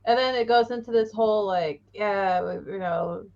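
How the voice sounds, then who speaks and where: A woman's voice: mid-range voice, moderate pace, darkish tone. A woman co-hosting a comic review show, talking in a rambling, exasperated way with many restarts. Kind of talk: casual chat. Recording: dull lo-fi sound.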